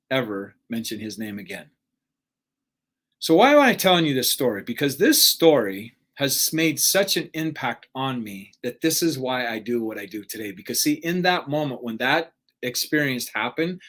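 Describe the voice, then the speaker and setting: A man's voice: mid-range voice, big pitch swings, moderate pace, fairly bright tone. A man hosting a live motivational talk. He speaks earnestly, keeps checking in with "right?", and acts out dialogue when he tells a story. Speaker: live show host, speaking coach.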